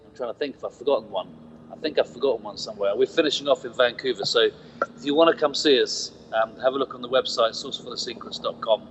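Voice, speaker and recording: A man's voice: medium pitch, fast, long reverb tail, dull audio, slight background noise. A man, a guest musician, chatting casually and dryly about touring, heard over a remote line. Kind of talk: casual interview chat.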